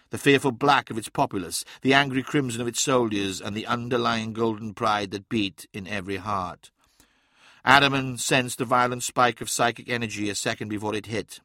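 Bright-voiced male audiobook narrator. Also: mid-range voice, normal speed, no echo, studio quality. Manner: steady, dramatic storytelling.

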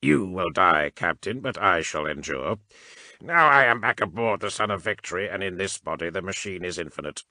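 A man voicing a cold, emotionless male cyborg priest in an audiobook, speaking in a flat, mechanical, measured way. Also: sits low, no echo, exaggerated voice. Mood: cold, detached. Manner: measured, clipped, unhurried formal speech. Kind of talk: audiobook character reading.

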